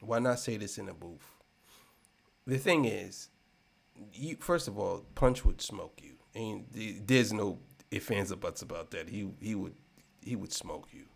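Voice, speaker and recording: A man giving a casual commentary rant, repeating himself and swinging between loud and soft. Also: lowish voice, expressive, unhurried, creaky. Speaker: commentary channel host.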